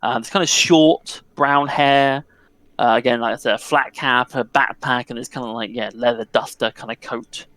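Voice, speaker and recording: A man's voice: medium pitch, steady tone, normal speed, a bit bright, no room sound. Casual man narrating as game master. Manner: casual, filler-heavy narration.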